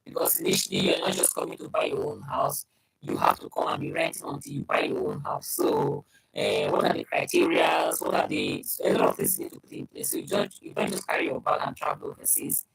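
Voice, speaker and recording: A man with a strong accent talks through casual advice, repeating his points and addressing the listener directly. His voice is extremely low and gravelly, with a husky edge. His pitch swings widely as he makes each point. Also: wildly swooping pitch, a little fast, a bit bright, poor audio. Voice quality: strong accent he describes himself. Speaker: vlogger giving advice on moving abroad.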